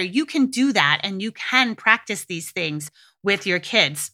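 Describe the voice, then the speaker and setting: A woman hosting a podcast, talking frankly and casually with swearing and lively acted-out quotes. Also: mid-range voice, measured pace. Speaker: podcast host. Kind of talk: casual solo podcast talk.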